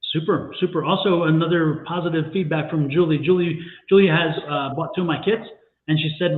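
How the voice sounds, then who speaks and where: Wry man over a tinny echoey line. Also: on the high side. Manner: deliberate, emphatic, wry. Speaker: tarot reader and co-host. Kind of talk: casual livestream tarot reading. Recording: tinny phone-like sound in an echoey room.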